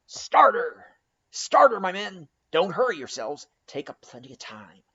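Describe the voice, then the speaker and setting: A man voicing an excitable, pipe-smoking male whaleboat mate who shouts orders to his rowing crew. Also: high-pitched, unhurried, husky, muffled recording, heavily acted. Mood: urging.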